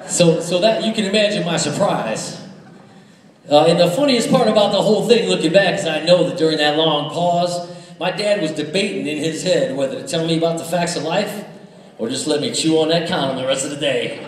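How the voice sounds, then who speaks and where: A man with a high voice delivers a stand-up set, landing his jokes with quick asides. His words echo hard through a big hall, heard from far off. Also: slight background noise. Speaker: stand-up comedian. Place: stage in a large hall. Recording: echoey hall, far from the mic.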